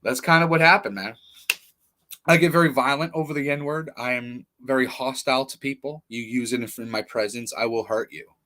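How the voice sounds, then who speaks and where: A man's voice: mid-range voice, fairly even intonation, moderate pace, bright, forceful tone. A man hosting a livestream, telling personal stories in a rambling, blunt, profane casual monologue. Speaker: livestream host.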